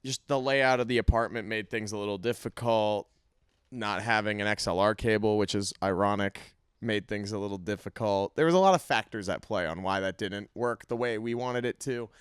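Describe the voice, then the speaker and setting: A man's voice: on the low side, moderate pace, clean tone, no room sound, clean studio sound. A man co-hosting a podcast in casual chat, wry and teasing, rambling through his stories. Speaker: podcast co-host.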